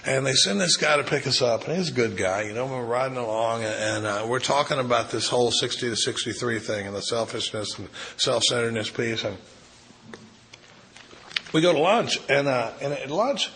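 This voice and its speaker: Middle-aged guy giving a recovery talk, bright forceful voice, animated storyteller acting out the back-and-forth. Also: medium pitch, normal speed, slight background noise, poor audio. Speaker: AA speaker. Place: retreat meeting room.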